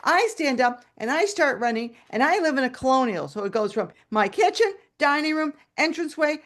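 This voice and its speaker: A woman's voice: sits high, fairly quick. A woman telling a story to an audience over a video call, acting out the scenes as she goes. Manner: animated, acts out scenes with shouted quotes.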